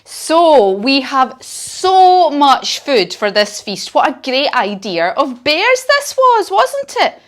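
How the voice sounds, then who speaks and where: A woman's voice: high-pitched, big pitch swings, slow pace, hardly any pauses. A woman leading a children's yoga lesson as a story, encouraging and sing-song.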